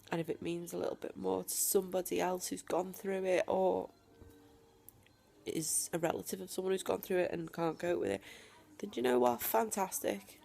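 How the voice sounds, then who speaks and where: A woman talking straight to camera from home in a personal video diary, emphatic and defiant, with deliberate pauses. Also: lowish voice, vocal fry, darkish tone. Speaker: vlogger.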